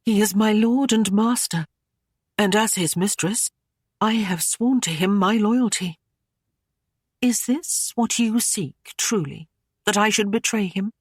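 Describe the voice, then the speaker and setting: A man's voice: a little slow, slightly rough, no room sound, clean studio sound. A man reading an audiobook who voices a proud young noblewoman by raising his voice. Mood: wary, proud. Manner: raised, higher voice for the woman.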